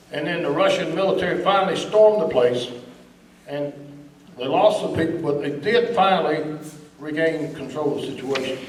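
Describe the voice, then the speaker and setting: A man's voice: a little high, darkish tone, slight background noise. A man giving an emphatic, indignant speech as a guest speaker at a political meeting. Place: meeting room. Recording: echoey room, recorded from a distance.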